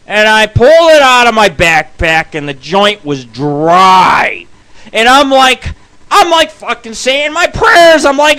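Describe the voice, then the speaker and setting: A man rambles through profane tales on his radio show. His voice sits high and bright, and he swears nonstop as he talks. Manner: crude, rambling, heavy swearing. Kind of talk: profane storytelling monologue.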